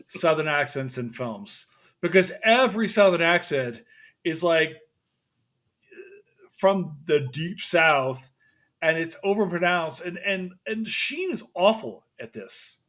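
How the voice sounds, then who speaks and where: Opinionated Southern-raised man, fairly high voice. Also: expressive, takes it slowly, a bit bright. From American South. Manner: blunt, opinionated, emphatic. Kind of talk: casual podcast discussion.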